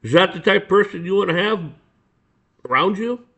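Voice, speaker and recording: A man with a somewhat high voice holds forth in a casual rant. He is blunt and swears freely, often stumbling and repeating words before pushing on. He acts out his own exchanges with police and officials as he tells them. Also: lively intonation, normal speed, creaky, pushed and bright. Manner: blunt, profane and repetitive, with stammered restarts. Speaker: podcast host. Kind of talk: casual ranting monologue.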